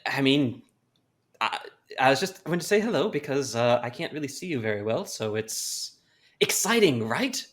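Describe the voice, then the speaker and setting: A man role-playing his character at a tabletop game, friendly and eager to chat. His voice swings up and down a lot, lively and expressive, as he talks at a steady pace. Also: mid-range voice, moderate pace. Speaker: player.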